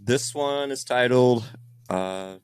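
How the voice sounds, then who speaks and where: This paranormal investigator goes over evidence on a podcast, casually discussing recordings his team caught in loose, rambling talk packed with fillers. His mid-range voice is slow, clear and resonant, with no room sound.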